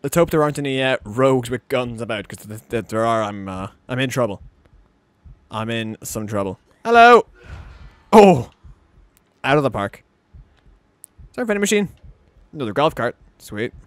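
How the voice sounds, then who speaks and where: A young man giving let's play commentary on a game, excitable and rambling, often talking sarcastically to the characters on screen. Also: mid-range voice, normal speed, long pauses, dry recording. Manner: rambling with frequent restarts. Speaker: gaming channel host.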